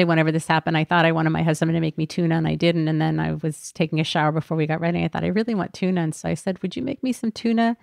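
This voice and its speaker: Woman podcast host, low and gravelly, earnest self-reflection, close and dry. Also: a little mellow, no room sound. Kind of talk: reflective personal talk.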